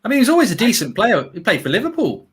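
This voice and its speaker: A man's voice: sits high, wildly swooping pitch, rapid-fire, slightly rough. A man hosting a casual football watchalong, talking in a rambling, chatty way and reading out viewer comments. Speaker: watchalong host.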